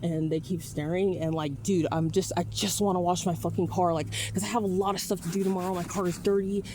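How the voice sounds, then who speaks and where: A woman's voice: fairly low pitch, steady tone, fairly quick, background noise. A woman from California, rambling anxiously and swearing into her phone outdoors at night. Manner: rambling, frightened, swears a lot. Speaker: vlogger. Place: outdoors at a car wash at night. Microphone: phone held while talking.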